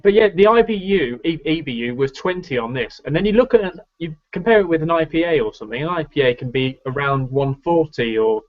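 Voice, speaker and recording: A man's voice: on the high side, lively intonation, fairly quick, few pauses. Hesitant man, lo-fi audio. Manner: hesitant, self-correcting. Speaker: guest co-taster. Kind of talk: casual beer tasting chat.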